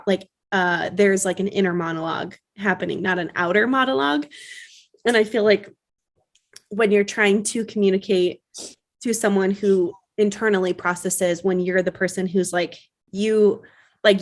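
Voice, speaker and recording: Female co-host, 30s, mid pitch, earnest and talkative with lots of restarts. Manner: chatty, earnest, talks in quick restarts. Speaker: podcast co-host. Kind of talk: casual chat.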